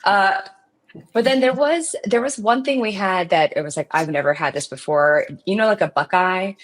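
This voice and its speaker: A woman's voice: mid-range voice, normal speed. A woman guest on a podcast, telling stories about food in an upbeat, enthusiastic way. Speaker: podcast guest, baking show runner-up. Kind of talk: casual chat.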